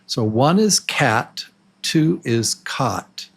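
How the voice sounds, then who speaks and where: Man, English teacher, beginner lesson, very slow delivery, drawn-out words, medium pitch. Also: animated, fairly bright tone, slightly rough. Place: Los Angeles.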